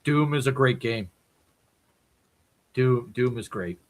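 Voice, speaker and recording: A man chatting casually as a podcast guest, putting on a gruff dwarven brogue and swearing freely, with a raspy voice. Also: medium pitch, slow pace.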